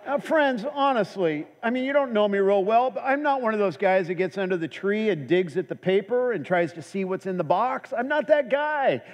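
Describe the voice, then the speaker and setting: High-voiced pastor preaching in an echoey hall. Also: male voice, lively intonation, moderate pace, few pauses, muffled recording. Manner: humorous storytelling, earnest. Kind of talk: sermon. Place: church.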